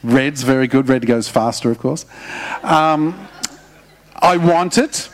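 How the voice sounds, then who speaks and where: A man's voice: mid-range voice, takes it slowly. A middle-aged man, preaching a sermon in a conversational way with humorous asides. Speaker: pastor.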